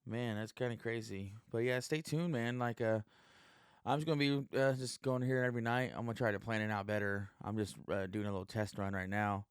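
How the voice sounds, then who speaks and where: A man's voice: fairly low pitch, fairly even intonation, brisk, clean tone, dry recording, studio quality. A man hosting his own podcast, a stand-up comic rambling casually and profanely with lots of fillers. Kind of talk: casual solo podcast monologue.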